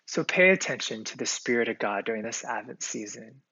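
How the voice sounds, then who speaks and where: A male pastor preaches with a gravelly, slightly husky voice, earnest and conversational, dropping in the odd filler word. The sound is dry and a little muffled. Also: mid-range voice, lively intonation, a little fast, bright, forceful tone, no echo. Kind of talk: sermon.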